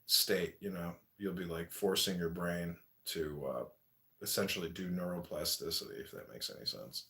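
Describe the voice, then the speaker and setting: A man's voice: deep voice, fairly even intonation, normal speed, bright, forceful tone. A man hosting a casual livestream chat, crude and mocking, swearing often as he roasts his guests. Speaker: livestream host.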